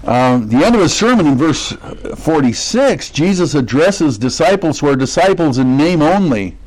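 A man preaching a sermon in a conversational way, putting questions to his listeners and slowing down to stress the verses he quotes. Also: a little high, big pitch swings, a little mellow. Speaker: pastor.

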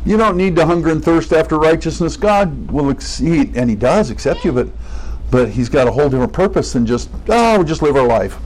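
A man's voice: a little high, animated, fairly quick, a little mellow, rough recording. A man preaching a sermon in an earnest, conversational way, reading scripture aloud and explaining it.

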